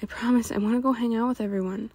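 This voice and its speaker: A woman's voice: on the high side, steady tone, quick pace, dark tone, dry recording, natural voice. A woman voicing an anxious teenage boy who pleads urgently with his friends.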